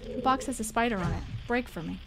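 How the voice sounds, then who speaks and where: A woman gaming streamer giving casual let's-play commentary, excitable and goofy, swearing freely and chatting with her viewers. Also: a little high, quick pace, vocal fry, noisy background.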